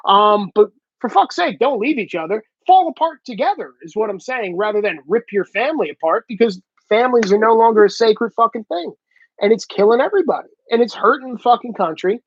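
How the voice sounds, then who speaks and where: A man's voice: high voice, animated, brisk, dry recording. Man alone in a room, heated profane rambling rant, muffled dry recording. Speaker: solo vlogger. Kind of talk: ranting monologue. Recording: dull lo-fi, dry.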